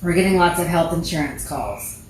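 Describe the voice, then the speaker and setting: A woman's voice: fairly low pitch, lively intonation, moderate pace, a little mellow, a little hiss or hum. Playful Texan woman in a very echoey room. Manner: playful, joking. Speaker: podcast co-host. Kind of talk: casual chat.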